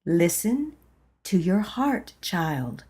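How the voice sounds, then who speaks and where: A woman reading an audiobook and voicing a gentle, insistent old woman from a dream, in a soft, quiet voice. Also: on the low side, sing-song, very slow, slightly rough, heavily acted. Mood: gently insistent.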